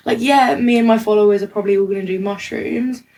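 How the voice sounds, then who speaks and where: A young woman, co-hosting a podcast in rambling casual chat, full of "like" and quick laughs. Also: medium pitch, fairly even intonation, mellow, rough recording. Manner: rambling, lots of "like", laughs often. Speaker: podcast co-host.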